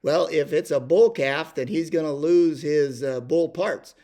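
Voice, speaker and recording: A man's voice: on the high side, unhurried, dark tone. An older man telling a rambling ranch story, full of fillers and restarts. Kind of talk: casual spoken storytelling.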